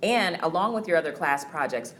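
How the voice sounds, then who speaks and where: A woman who teaches acting, guesting on an interview chat and speaking with warm enthusiasm. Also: low-pitched, animated, a little fast, slight background noise. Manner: enthusiastic, warm about colleagues.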